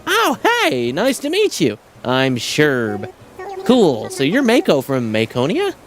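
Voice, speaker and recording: A laid-back, aloof young goat, as a streamer puts him on, drawling slowly through every line. His voice swings high and low in a dreamy sing-song, with soft music behind it. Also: wildly swooping pitch. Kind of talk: reading game dialogue aloud.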